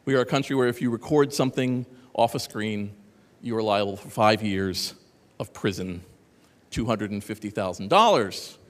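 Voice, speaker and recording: A man giving a lively conference talk, sarcastic and animated, rambling with asides to the audience. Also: fairly low pitch, normal speed. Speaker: conference speaker. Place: conference hall. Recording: echoey hall.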